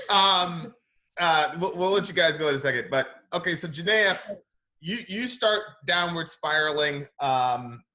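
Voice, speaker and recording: A man's voice: on the high side, unhurried, pushed and bright. A man hosting a casual interview over a video call, chatty and easygoing, laughing often. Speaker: host.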